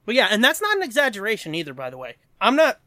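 Animated, bright-voiced man telling stories. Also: high voice, no echo. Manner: animated storyteller, acts out voices, profane; defensive, quick to take offense. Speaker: podcast co-host. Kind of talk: casual chat.

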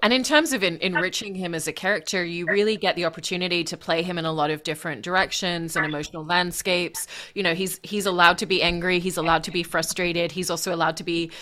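A woman's voice: on the low side, fairly even intonation, fast, hardly any pauses, a bit bright. A woman moderating an interview, asking long, flowing, detailed questions.

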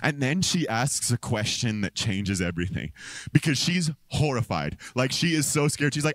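A man preaching a sermon into a microphone, telling a story with lively swings between low, deadpan lines and excited high exclamations. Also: moderate pace, dry recording. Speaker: pastor. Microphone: handheld or stand microphone.

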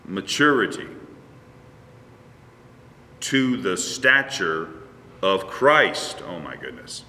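A man preaches with a lively, swooping voice that has a bright edge. He sounds a little distant from the mic, and his words ring through a reverberant church sanctuary. He slips into quick acted exchanges between a pastor and churchgoers. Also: mid-range voice. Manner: conversational preacher acting out dialogues. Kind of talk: sermon.

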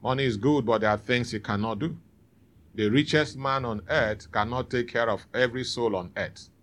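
A man's voice: mid-range voice, moderate pace, fairly bright tone. A man preaching a sermon in church, calling out to the congregation for responses. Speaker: pastor.

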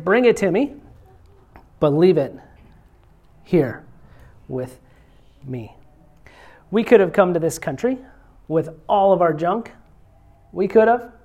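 A woman preacher talking through her sermon in a chatty, informal way, with a pitch that sits right in the middle for a woman. She keeps tossing rhetorical questions out to the congregation. When she wants a point to land, she repeats it, slowing down and dropping her voice. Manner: repeats key phrases, slowing and softening to stress them; chatty and informal, with frequent "right?" and "you know?". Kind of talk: conversational sermon.

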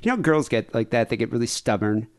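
A man hosting a podcast, spinning a long rambling story. His pitch swings widely as he acts out the other people in it, and he keeps breaking into laughter. The talk is loose and casual. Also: sing-song, quick pace. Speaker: podcast host.

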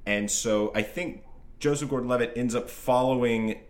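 A man co-hosting a casual chat, retelling a film scene in a relaxed, emphatic way. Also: medium pitch, normal speed. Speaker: podcast co-host.

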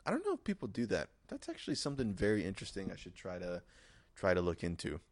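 A man's voice: sits low, huge pitch swings, fast talker, no echo, clean studio sound. A young man hosting a casual solo podcast who rambles, restarts, and swears freely. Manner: rambling and profane, with frequent restarts. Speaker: podcast host.

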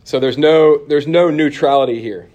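A man's voice: on the high side, normal speed, a little mellow, dull audio. Man teaching a church Bible class. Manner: conversational, asks the class questions, many ums and restarts.

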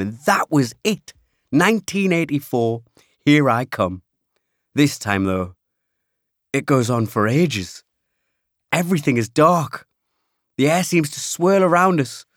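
A man reading an audiobook aloud, telling the story in first person with lively timing. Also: fairly low pitch, dry recording, clean studio sound. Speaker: audiobook narrator. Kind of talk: scripted audiobook narration.

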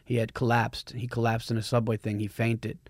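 A man talking fast and loose, piling on clauses and restarts as he tells a story. His voice sits in a middle pitch, and the sound is dry and close to the mic. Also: monotone, no room sound. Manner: quick, swearing, storytelling with restarts. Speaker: podcast host. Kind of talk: casual chat.

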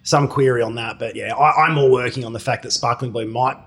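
A man's voice: mid-range voice, fairly even intonation, a little fast, fairly bright tone, slightly rough. An Australian man co-hosting a racing podcast, chatting confidently about his tips and ribbing his fellow panellists. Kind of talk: casual tipping chat.

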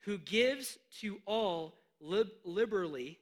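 A man preaching a sermon, animated, swinging between hushed asides and loud emphatic declarations. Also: high voice, slow pace. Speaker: pastor.

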